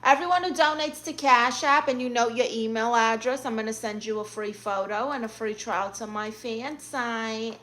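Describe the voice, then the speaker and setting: A woman's voice: a little high, steady tone, moderate pace, few pauses, fairly bright tone. A woman with a Brooklyn accent streaming live, reading viewer comments aloud and answering them with blunt, sassy comebacks. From Brooklyn, New York.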